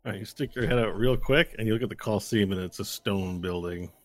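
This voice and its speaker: A man narrating a tabletop game as game master, in a loose, relaxed way with many fillers. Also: lowish voice, fast.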